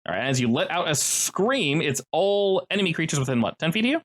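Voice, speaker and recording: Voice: mid-range voice, a little fast. A game master narrating a tabletop game in a playful, joking way. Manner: playful, animated narration with jokey asides.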